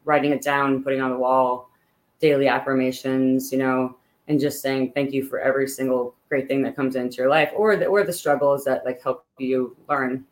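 A woman's voice: very deep voice, fairly even intonation, normal speed, poor audio. A woman singer-songwriter from Pittsburgh, a guest in a casual interview, talking earnestly and upbeat with many fillers. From Pittsburgh, Pennsylvania.

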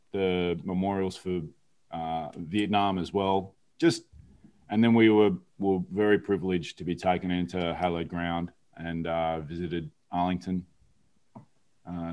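A man with a fairly low voice, chatting on a podcast. He recounts things in an earnest, reflective way, with a relaxed casual tone. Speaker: podcast co-host. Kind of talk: casual chat.

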